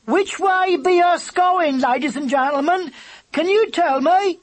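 A narrator voicing an anxious female homing pigeon with a lilt, breathy and high. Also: lively intonation, takes it slowly. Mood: calling out. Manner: urgent and worried.

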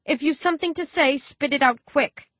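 A gruff, blunt woman mayor, put on by a narrator who rumbles short, hostile answers. She speaks close to the mic in a dry recording. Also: moderate pace, fairly bright tone, no room sound.

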